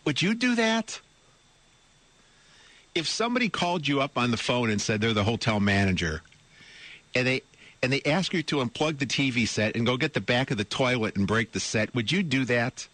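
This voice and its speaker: A middle-aged male radio host in a studio, talking at an ordinary pitch for a man. He reads the news with amused disbelief and throws rhetorical questions at his audience. The mic sound is close and dry, with no room echo. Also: brisk, fairly bright tone. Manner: amused and incredulous, breaks into laughter while reading; rhetorical questions to listeners, repeats words. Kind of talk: radio talk show, reading a news story with comment. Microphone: studio microphone.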